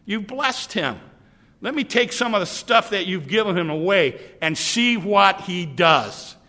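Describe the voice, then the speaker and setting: A man's voice: high-pitched, lively intonation, a little slow, bright, forceful tone, pitched above the performer's own voice, full character voice. A man voicing a sly, scheming Satan. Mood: sly, challenging. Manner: challenging, wheedling.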